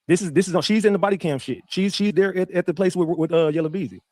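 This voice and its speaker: A man's voice: on the high side, fast, hardly any pauses, no echo, clean studio sound. Fired-up man retelling courtroom drama. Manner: profane, animated storytelling with repeats; addresses viewers directly. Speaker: streamer commenting on a trial. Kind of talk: casual commentary.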